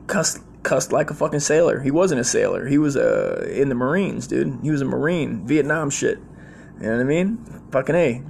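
A man's voice: medium pitch, vocal fry, slight background noise. A man in his forties telling a rambling, slangy, profane story in a casual way.

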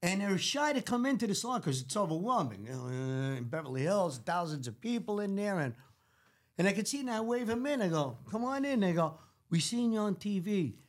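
A man with a New York Italian accent telling stories in a casual chat, animated, acting out quotes and swearing freely. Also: sits high, fairly quick. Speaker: celebrity hair stylist guest.

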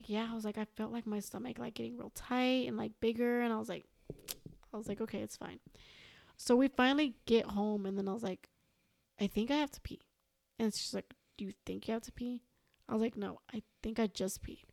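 A woman's voice: fairly high pitch, steady tone, a little fast, vocal fry, a little mellow, dry recording, studio quality. A young woman, a podcast guest, telling a long personal story in casual chat, quoting herself and others again and again. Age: young adult. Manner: rambling, quotes herself and others with "I was like".

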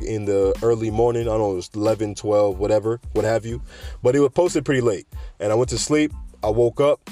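Rambling male podcast host, mid-pitched. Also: mellow. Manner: rambling, digressive, chuckles often. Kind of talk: casual podcast monologue.

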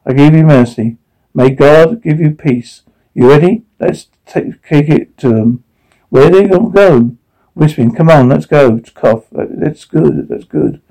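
A man reading out a drama's dialogue along with its sound cues, in one even voice. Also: a little high, measured pace, low-quality recording.

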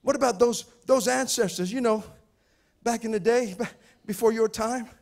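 A male pastor preaching a sermon, stammering and repeating words, building to shouted fervor. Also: very high voice, moderate pace, gravelly. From Pacific Islands. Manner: repetitive stammering restarts, rising to shouting fervor.

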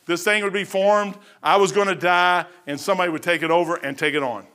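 A middle-aged man with a drawl preaches from the pulpit in a high, ringing voice. He tells stories from his own life in a lively way, sinking to near-mutters on asides and then climbing into excited bursts. His tone is bright and forward throughout. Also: brisk. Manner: storytelling preacher, swings from hushed asides to excited outbursts. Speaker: pastor. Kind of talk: sermon.

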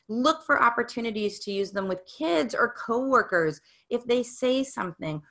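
A woman's voice: on the high side, fairly bright tone. A middle-aged woman giving an upbeat, encouraging motivational talk, coaching the listener. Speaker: speaker on growth mindset.

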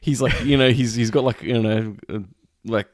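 A man co-hosting a podcast in casual chat, animated and laughing often, with many fillers. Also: mid-range voice, moderate pace, dry recording, studio quality. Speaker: podcast co-host.

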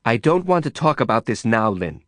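A man's voice: medium pitch, sing-song, normal speed, fairly bright tone, dry recording, clean studio sound. Carla, a man doing a firm guarded woman. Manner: firm, clipped, snapping. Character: guarded firm young woman, tired and reluctant. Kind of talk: audiobook character voice.

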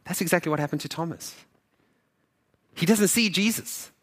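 Animated male pastor preaching. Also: high-pitched, normal speed. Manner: animated, acts out quoted dialogue; conversational, jokes with congregation. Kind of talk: sermon.

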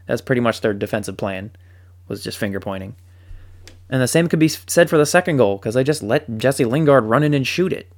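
Animated, joking male football fan. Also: medium pitch, brisk. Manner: animated and joking, with dry sarcasm. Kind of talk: casual sports commentary.

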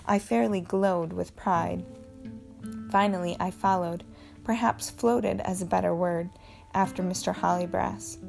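A woman narrating a novel in the first person with steady storytelling. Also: lowish voice, vocal fry. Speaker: audiobook reader.

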